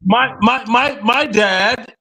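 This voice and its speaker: A man's voice: very high-pitched, takes it slowly, over a noisy crowd. A man joking around as a guest on a livestream, stumbling and repeating words. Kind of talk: casual banter on a livestream.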